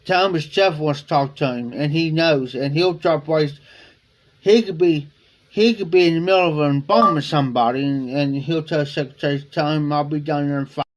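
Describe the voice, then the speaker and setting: A man with a fairly high-pitched voice speaks fairly quickly while hosting a live stream. He tells a personal story in a rambling, casual way, often repeating himself and quoting what other people said.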